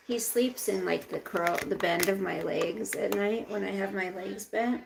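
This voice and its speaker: A woman hosting a casual live stream from home, her voice gravelly with plenty of fry. She rants with indignation, then softens into cooing baby talk with her pet. A faint hiss sits under the voice. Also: mid-range voice, a little slow, few pauses. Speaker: livestream host.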